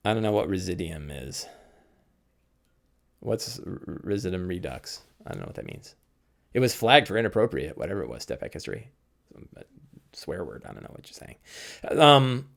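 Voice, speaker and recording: Middle-aged male streamer, lowish voice, casual rambling chat, self-corrects. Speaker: game master streamer.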